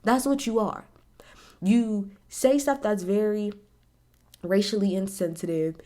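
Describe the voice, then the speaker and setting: Woman host, blunt and animated, swearing recap talk, mid pitch. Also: a little slow. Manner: blunt, animated, swears freely, talks straight at the people she discusses. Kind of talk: casual opinionated recap.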